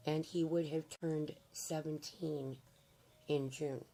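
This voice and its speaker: An older woman vlogging to camera, hoarse and raspy from losing her voice, talking in a rambling, heartfelt way with hesitant fillers. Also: low-pitched, steady tone, slow pace, dark tone, slight background noise. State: hoarse, nearly lost voice. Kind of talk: casual to-camera chat.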